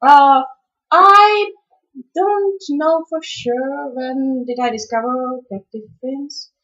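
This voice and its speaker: A young Czech woman talks through a casual home video in English, which is not her first language, and her speech is full of hesitant "uh"s. She reads words the way they are spelled, in a slightly high voice at a very slow pace. The audio is muffled and lo-fi. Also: fairly bright tone. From Czech Republic. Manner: hesitant, many "uh" fillers, careful spelling-style pronunciation. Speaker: vlogger. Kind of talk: casual video reading a word list.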